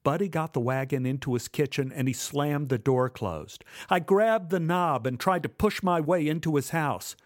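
A man's voice: fairly high pitch, normal speed, few pauses, dry recording. Man narrating a memoir, dry close sound. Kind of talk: first-person memoir storytelling.

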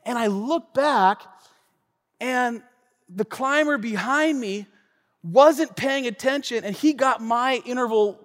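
High-pitched guy preaching, chatty storytelling, lots of asides to the crowd, big echoey hall. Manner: animated and conversational, with many asides to listeners. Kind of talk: sermon storytelling. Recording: long reverb of a large hall.

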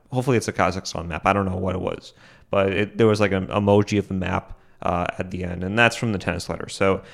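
Young male podcast host, lowish voice, loose and rambling solo delivery. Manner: rambling, many restarts and fillers.

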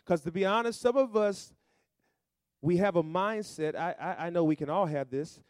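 A male pastor preaching a sermon, calling to the congregation and rising to loud emphatic bursts. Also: sits high, moderate pace, no room sound, studio quality.

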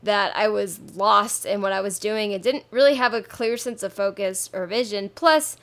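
A woman's voice: medium pitch, moderate pace, a bit bright. A woman in her twenties hosting a solo podcast, talking candidly and playfully, often swapping curse words for spoken bleeps. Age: 20s. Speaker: podcast host. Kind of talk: casual solo podcast monologue.

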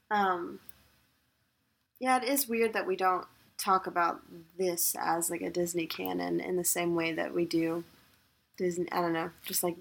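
A woman in a casual podcast chat, talking in a relaxed, chatty way. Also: lowish voice, vocal fry, breathy edge.

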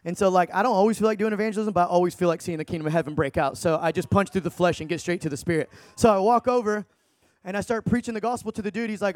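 A young man, an evangelist, excitedly telling testimony stories in slangy talk, laughing now and then. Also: high-pitched, rapid-fire, dry recording. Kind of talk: energetic testimony storytelling.

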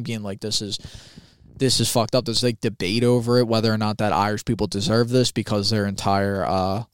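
A man's voice: lowish voice, clear, resonant tone, no echo, studio quality. A man co-hosting a podcast, talking in a casual, blunt and argumentative way, with plenty of swearing. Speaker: podcast co-host. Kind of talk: casual chat.

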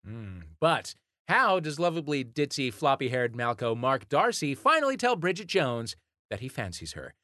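A man's voice: medium pitch, sing-song, sharp tone, no echo. A man hosting a comedy quiz in a studio, sarcastic and playful. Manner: sarcastic, playful, quick asides. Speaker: quiz host.

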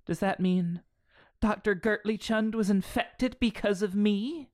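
A woman's voice: mid-range voice, measured pace, a little mellow, dry recording, clean studio sound, pitched above the performer's own voice, lightly acted. A woman voicing a startled young female scientist in a mock-melodramatic reading. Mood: alarmed.

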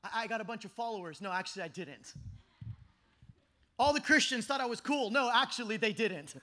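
High, bright-voiced impassioned young male preacher. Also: animated, a little fast. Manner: impassioned, often shouting, swings between loud and hushed. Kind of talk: youth camp sermon.

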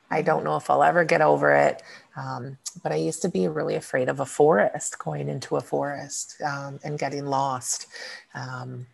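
A woman's voice: low-pitched, vocal fry. A woman co-hosting a podcast, telling personal stories in a rambling casual way with many fillers. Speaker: podcast co-host and coach. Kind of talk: casual chat.

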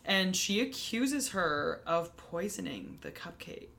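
A woman in casual chat recapping a movie, expressive, laughing often and speaking with many fillers. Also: on the low side, slow pace, vocal fry.

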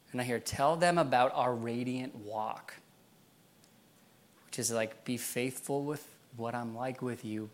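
A man preaching a sermon in a church, telling a personal story in a casual way, with many fillers and frequent laughs. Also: mid-range voice. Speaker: pastor.

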